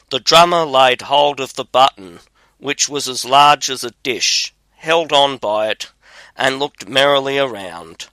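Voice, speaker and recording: A man calmly reading a fairy tale aloud as narrator. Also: mid-range voice, dry recording, low-quality recording. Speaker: storyteller.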